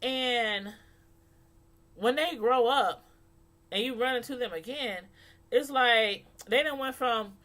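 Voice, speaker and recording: A woman speaking African American Vernacular English, chatting casually to camera as a reviewer, animated and laughing often as she acts out voices. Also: on the high side, slow pace, pauses often. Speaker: YouTube reality-show reviewer.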